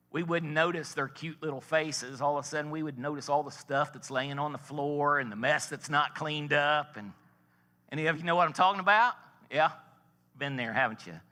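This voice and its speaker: A pastor delivers a sermon in a large church sanctuary, his fairly high, bright voice carrying a forceful tone. He tells a story and asks the congregation questions, and the sound carries church hall reverb.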